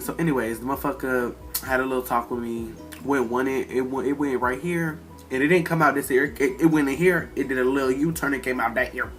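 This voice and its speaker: A teenage boy telling a storytime vlog rant, profane and animated, acting out the people in his story. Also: mid-range voice, brisk, faint music behind. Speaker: vlogger.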